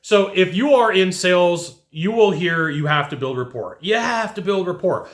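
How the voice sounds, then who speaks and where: Animated male sales coach, echoey room. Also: high voice. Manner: animated, acts out quick mock dialogues. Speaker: sales trainer. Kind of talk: direct-to-camera sales coaching.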